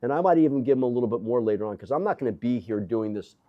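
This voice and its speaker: An older man, a gym owner, telling animated stories in casual conversation with quoted dialogue and blunt, profane language. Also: medium pitch, very fast, muffled recording. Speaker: gym owner, interview guest. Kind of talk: casual storytelling. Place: gym office.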